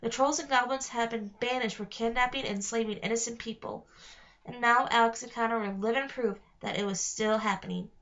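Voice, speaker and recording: A woman reading a children's novel aloud, careful and steady, with small slips. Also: fairly high pitch, a little fast, dull audio. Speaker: reader. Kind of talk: read-aloud narration.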